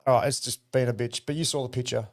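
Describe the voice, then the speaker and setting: An Australian man hosting a livestream, talking in a rambling, excitable and profane way. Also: medium pitch, fast, no echo, clean studio sound. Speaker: livestream host. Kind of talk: casual livestream commentary.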